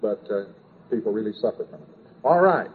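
A man's voice: on the low side, animated, brisk, slight background noise. Man lecturing on a tinny old tape. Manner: rambling and repetitive, with sound effects and asides. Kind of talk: informal lecture.

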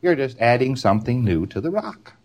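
A man's voice: medium pitch, very animated, a little fast, a little mellow. A man giving a recorded lecture, rambling and repeating words in rhythmic runs, often ending on a tag question.

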